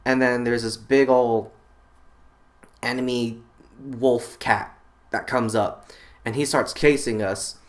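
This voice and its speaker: Guy rambling thru a weird dream story, uhs and likes everywhere, mid pitch. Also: fairly even intonation, slow pace, pauses often. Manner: rambling, lots of fillers and restarts. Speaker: channel host. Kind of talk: casual storytelling about a dream.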